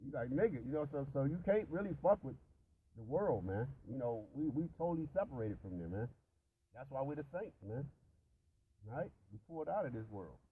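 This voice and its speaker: A man's voice: medium pitch, animated, a little fast, mellow, a little hiss or hum, poor audio. A man telling stories and preaching in casual, profanity-heavy chat, rambling with many restarts. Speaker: religious discussion participant.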